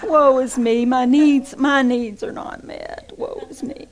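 A woman preacher voicing a whiny, self-pitying churchgoer who sighs and complains in a drawn-out way. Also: sits high, steady tone, pitched above the performer's own voice.

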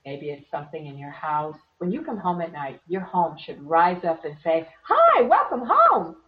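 A woman teaching meditation in an earnest, conversational way, slightly hoarse from losing her voice. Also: low voice, normal speed. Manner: earnest, plays out little voices in quotes. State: losing her voice, clearing throat. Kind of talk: relaxed conversational advice. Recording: distant, dull lo-fi sound.

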